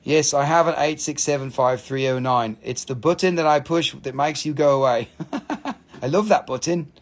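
A man hosting a live-stream mineral sale, gushing excitedly over each stone, swearing freely and calling out prices. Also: on the high side, normal speed. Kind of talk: live-stream sales chat.

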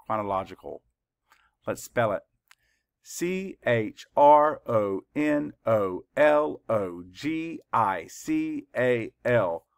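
Slow, deliberate man teaching spelling. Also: medium pitch, animated, smooth, no echo. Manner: slow, deliberate letter-by-letter dictation. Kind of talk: spelling lesson for children.

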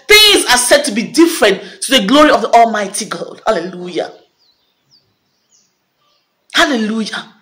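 A woman with a somewhat high voice delivers a prophetic declaration straight to her video audience. She speaks fervently and repeats each blessing several times. At the climaxes her voice rises even higher. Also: normal speed, pauses often. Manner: fervent, repetitive, declaring phrases again and again. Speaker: prophetic minister.

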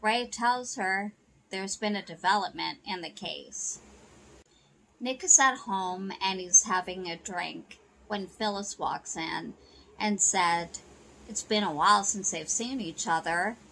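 Taking it slowly, a woman with a sharp mid-range voice recounts a soap opera episode in casual recap style, loose with "you know" and "she goes." The recording is rough and has slight background noise.

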